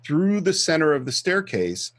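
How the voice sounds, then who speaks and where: Man, podcast co-host, casual film talk, husky voice, dry close recording. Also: on the high side, very animated, moderate pace, dry recording. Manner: explains film scenes and behind-the-scenes trivia.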